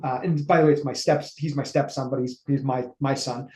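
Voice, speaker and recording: A man's voice: medium pitch, fairly quick. A man, telling a long personal story in a casual interview and acting out the dialogue. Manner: animated, acts out quoted dialogue. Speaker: interview guest, financial services executive. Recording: echoey room.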